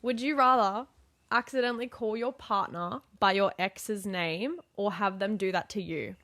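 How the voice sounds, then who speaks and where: A woman's voice: mid-range voice, normal speed, fairly bright tone, no room sound. A young woman, co-hosting a casual podcast over a video call and telling stories in a bubbly, rambling way. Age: young adult. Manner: bubbly, filler-heavy storytelling. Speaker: podcast co-host. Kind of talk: casual chat.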